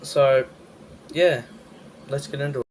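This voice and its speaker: A man's voice: mid-range voice, fairly even intonation, measured pace, a little mellow, slight background noise. A man with an Australian accent, hosting a casual reaction video in a rambling, self-deprecating way. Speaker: reaction channel host.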